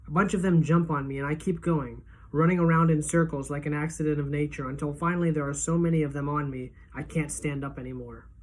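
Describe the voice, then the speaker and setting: A woman teacher reading a novel aloud to her class, giving the dialogue lively pitch and loudness shifts. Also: fast, hardly any pauses. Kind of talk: audiobook-style read-aloud.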